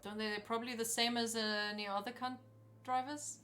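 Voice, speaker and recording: A woman's voice: on the high side, steady tone, fairly quick, fairly bright tone, soft background music. A woman streamer chatting casually while she sews, talking to herself and answering her chat in a playful way.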